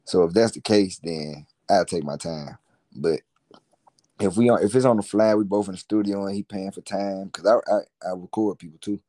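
A very deep-voiced man chatting as an interview guest. He talks in a relaxed, rambling way and drops casual slang as he goes. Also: normal speed. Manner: laid-back, rambling, slangy. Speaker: guest, musician and entrepreneur.

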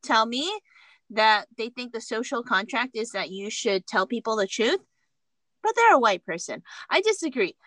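Bright-voiced woman telling a story. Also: on the high side, expressive, moderate pace, dry recording. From United States. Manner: candid, laughing, acts out dialogue. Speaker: podcast guest. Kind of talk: casual storytelling.

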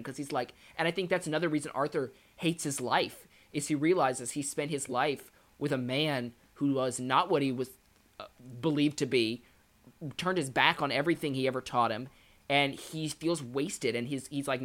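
A man's voice: on the high side, fairly bright tone. A man co-hosting a podcast in casual chat, passionate and analytical, often repeating words as he builds his point. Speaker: podcast co-host. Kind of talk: casual chat about a video game.

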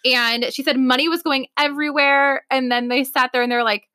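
A woman's voice: sits high, steady tone, brisk, pushed and bright. A woman co-hosting a podcast in casual chat, talking chattily with lots of "like" and "oh my gosh". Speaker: podcast co-host.

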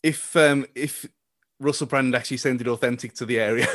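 A man co-hosting a casual podcast chat, teasing the others and speaking in halting bits. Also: mid-range voice, fairly even intonation, a bit bright, dry recording, clean studio sound.

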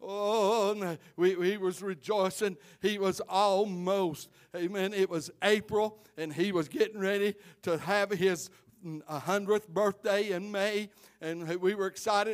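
A middle-aged man preaching a sermon as pastor, swinging from loud impassioned cries to quiet asides. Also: high-pitched.

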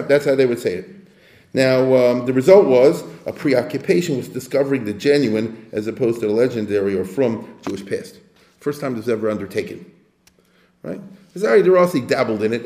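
A man's voice: medium pitch, a little mellow. Man lecturing casually in an echoey room. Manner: conversational, digressive, asks the audience for assent. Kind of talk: informal lecture.

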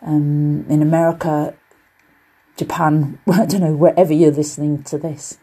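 A woman's voice: low-pitched, flat delivery, moderate pace, warm tone, breathy edge. A woman hosting a casual solo podcast about quilting. She talks in a chatty, encouraging way with loose, rambling asides. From United Kingdom. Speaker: podcast host and quilting teacher.

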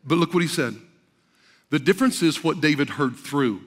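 A man pastor preaching a sermon with rising fervor, often shouting at the peaks. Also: fairly high pitch, animated, a little fast, in a large hall.

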